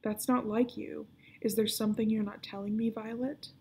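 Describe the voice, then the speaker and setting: A woman's voice: a little high, level tone, moderate pace, darkish tone, husky. A woman doing a suspicious, whispering young boy. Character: suspicious young boy hero, dry and probing.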